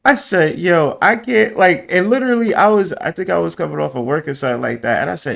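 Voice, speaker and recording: A man's voice: a little high, quick pace, vocal fry, hardly any pauses, fairly bright tone. A man chatting casually on a livestream panel, laid-back and profane, laughing easily. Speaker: panel guest.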